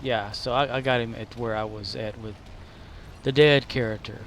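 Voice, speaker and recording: A man streaming a game, rambling to himself and now and then yelling at his squadmates. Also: mid-range voice, fairly even intonation, normal speed, a little hiss or hum. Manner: rambling, talks to himself, shouts at teammates. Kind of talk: casual gameplay commentary.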